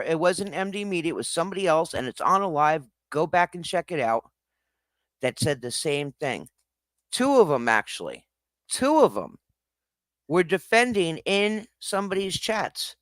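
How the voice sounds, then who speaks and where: A woman's voice: low-pitched, no echo, clean studio sound. A woman ranting angrily at her chat on a live stream, swearing constantly and lecturing. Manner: heated, profane, lecturing. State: angry.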